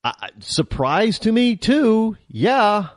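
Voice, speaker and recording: A man hosting a political talk show, giving an animated opinion monologue and often repeating and restarting his words. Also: high-pitched, takes it slowly, no room sound.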